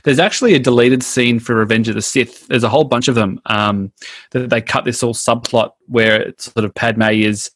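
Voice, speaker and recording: A man's voice: mid-range voice, fairly even intonation, brisk, no room sound. An Australian man co-hosting a podcast in casual, rambling chat with frequent restarts. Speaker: podcast co-host.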